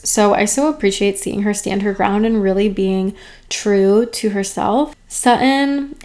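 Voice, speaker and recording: A woman's voice: medium pitch, a little mellow. Chatty opinionated woman recapping TV. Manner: chatty and opinionated, with sarcastic asides. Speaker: reality TV recap host. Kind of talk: casual recap commentary.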